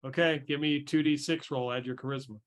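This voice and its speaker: A man's voice: fairly high pitch, steady tone, brisk. A man running a tabletop role-playing game as game master, narrating and voicing characters with frequent hesitations and restarts.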